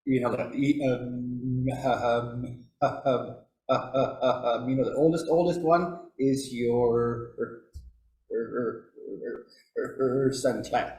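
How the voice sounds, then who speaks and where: A man telling stories at a forestry workshop, pausing often with fillers and lifting his pitch when he quotes elders. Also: steady tone, a little mellow. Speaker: workshop speaker. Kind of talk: storytelling talk. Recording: echoey room.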